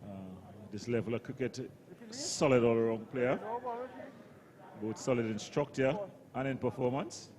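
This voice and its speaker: A man's voice: mid-range voice, a little slow, pauses often, a little mellow. A man giving chatty live colour commentary on a cricket match, analysing the game.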